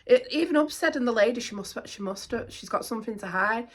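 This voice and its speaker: A middle-aged woman, talking casually to camera as a vlogger, animated and indignant, repeating herself. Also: a little high, fast.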